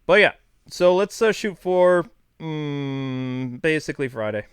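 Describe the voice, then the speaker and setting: A man's voice: fairly high pitch, lively intonation, slow pace, clear, resonant tone, no echo, clean studio sound. Rambling, joking man streaming live. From New York. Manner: rambling, self-deprecating, jokey. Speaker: streamer host. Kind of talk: casual live-stream chat.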